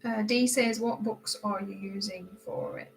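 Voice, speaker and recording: A woman from Britain hosting a casual live stream while she colors, greeting viewers by name and answering their comments, her voice often drifting quieter as she concentrates. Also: medium pitch, steady tone, a little slow, creaky, a little hiss or hum, rough recording. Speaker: livestream host.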